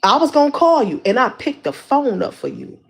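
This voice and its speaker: High-voiced woman going off on her live stream, blunt and worked up, stumbles and repeats herself. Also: very animated, fairly quick, vocal fry. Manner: confrontational, repeats words and restarts. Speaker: livestream host. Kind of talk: heated livestream rant.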